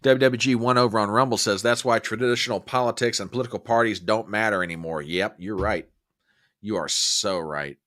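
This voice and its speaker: A man's voice: fairly low pitch, a little fast. A middle-aged man hosting a live stream, reading viewer comments and ranting with emphatic, heated outbursts. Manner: emphatic, ranting, swings from warm to furious. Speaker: host.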